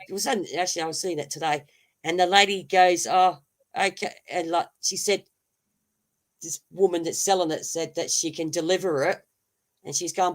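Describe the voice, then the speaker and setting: A woman with an Australian accent hosting a casual live chat, telling a long story with many fillers and restarts. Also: on the low side. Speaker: host.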